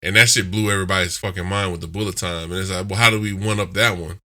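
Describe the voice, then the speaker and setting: A man co-hosting a podcast in casual chat, profane and animated, with stammering restarts and acted-out voices. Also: sits low, fast. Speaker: podcast co-host.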